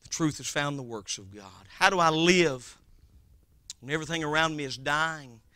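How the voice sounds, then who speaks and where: High bright preacher man, shouting then hushed. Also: normal speed, no echo. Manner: swings from shouting to hushed, quoting scripture. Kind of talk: revival sermon.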